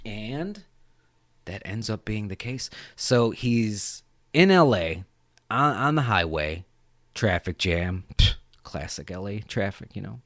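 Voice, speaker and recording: A man's voice: fairly low pitch, slow, no echo, studio quality. A man hosting a podcast, recapping a movie scene in a casual, rambling way with lots of swearing. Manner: animated, profane, rambling. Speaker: podcast host.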